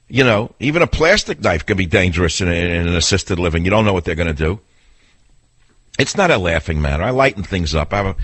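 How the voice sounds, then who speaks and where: A gruff, slightly husky older man behind a studio mic, his pitch swinging widely as he scolds and mocks. He talks in a blunt, sarcastic, argumentative way, like a veteran talk radio host. The sound is close and dry. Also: fairly bright tone, no echo. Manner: blunt, sarcastic, argumentative, mimics people in voices. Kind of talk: combative call-in radio talk.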